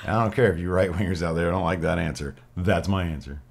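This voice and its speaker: A man with a very low voice talks in a loose, rambling way, full of fillers. He is a podcast co-host chatting casually. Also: quick pace, vocal fry, slight background noise. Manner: rambling, laid-back storytelling with fillers. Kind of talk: casual chat.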